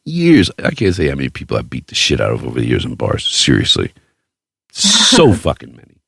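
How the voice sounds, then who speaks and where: A man hosting a podcast, telling a story in casual chat with a profane, boastful, animated way of talking. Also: very deep voice, brisk, gravelly, breathy edge, dry recording, studio quality. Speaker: podcast host.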